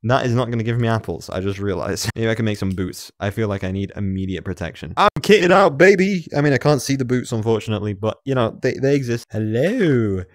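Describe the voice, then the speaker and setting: A man commenting on his own video game play as he moves around his room at home, excitable, talking to himself and laughing often. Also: lowish voice, fast talker, few pauses, no room sound, clean studio sound. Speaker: gamer.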